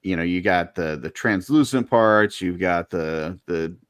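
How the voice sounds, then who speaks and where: A man's voice: deep voice, a little slow, a bit bright, clear, resonant tone, no room sound, studio quality. A man co-hosting a casual podcast, rambling through long lists with lots of fillers. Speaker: podcast co-host. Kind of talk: casual chat about collectible toys.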